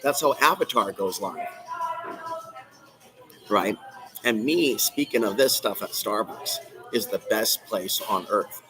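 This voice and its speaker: Low-voiced guy ranting live on his channel, keeps repeating himself, music going in the background. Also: slow pace, long pauses, rough recording. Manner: agitated, rambling, repetitive. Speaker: channel host. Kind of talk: live-stream rant. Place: coffee shop.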